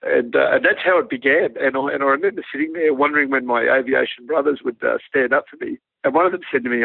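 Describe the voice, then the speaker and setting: Australian ex-Army pilot guest, gravelly, self-deprecating yarn-spinner, dry tinny line. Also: male voice, medium pitch, brisk, no echo. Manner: relaxed, self-deprecating, laughs while telling stories. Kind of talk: anecdotal interview storytelling.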